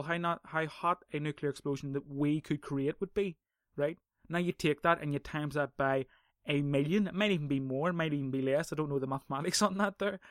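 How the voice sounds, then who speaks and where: A man holds forth in a casual podcast monologue, cursing freely and pressing his points hard before wandering off on another tangent. His voice sits a little high and comes through smooth and clear. The sound is dry, with almost no room around it. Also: dry recording. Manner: profane, ranting, goes off on tangents; heated and emphatic. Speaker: podcast host.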